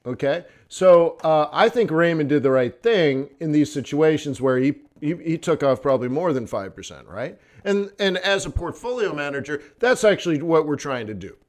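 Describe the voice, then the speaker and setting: A man's voice: on the high side, lively intonation, normal speed, few pauses, a little mellow. A man hosting a live forex trading stream, talking casually, laughing often between loose, rambling thoughts. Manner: chatty, laughs often, fillers and restarts.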